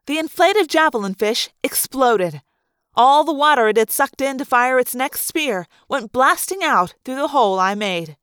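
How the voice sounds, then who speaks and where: Lively woman reading a story aloud. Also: high-pitched, moderate pace, smooth, dry recording, clean studio sound. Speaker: audiobook reader. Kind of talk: expressive first-person book narration.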